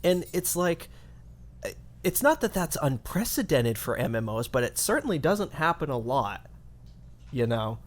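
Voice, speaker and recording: A man's voice: a little high, big pitch swings, measured pace. A man co-hosting a gaming podcast, chatting casually and animatedly. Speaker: podcast co-host.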